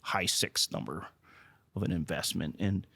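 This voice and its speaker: A man's voice: sits low, unhurried, creaky, breathy edge, no echo. A man, a company president, telling a long business story in casual conversation, restarting sentences and repeating words as he goes. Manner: animated when retelling others' words. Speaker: company president, interview guest.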